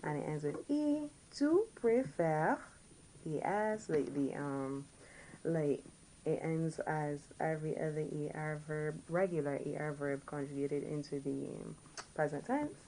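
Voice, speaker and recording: A woman teaching a recorded French lesson, drilling words slowly and patiently and correcting herself as she goes. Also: sits low, warm tone, slight background noise, rough recording.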